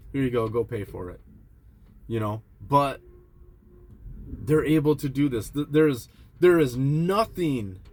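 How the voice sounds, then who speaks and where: A man in his forties speaks candidly about money and family in a rambling, reflective way, full of restarts and quoted thoughts. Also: mid-range voice. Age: 40s. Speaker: personal finance vlogger. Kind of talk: candid personal talk to camera.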